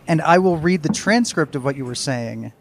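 A man's voice: a little high, animated, normal speed, very noisy. Wry, long-winded male podcast co-host. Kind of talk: casual podcast chat. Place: home balcony.

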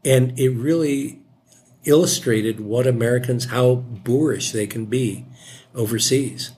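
A man's voice: medium pitch, a little slow, a little mellow. A man in a casual chat, talking emphatically and repeating words for stress.

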